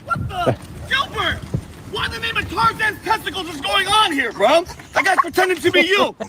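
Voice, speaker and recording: A man playing a loud, goofy character who rambles and yells crude jokes in a comedy skit clip. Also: very high voice, expressive, moderate pace, noisy background. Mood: excited, yelling. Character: loud goofy man chasing a jungle friend.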